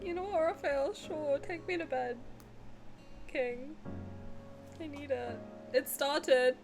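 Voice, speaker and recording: Young woman streamer, casual reaction chat, high lively voice, emotional and sweary, faint music behind. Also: takes it slowly, vocal fry. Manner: emotional, laughing, swearing freely.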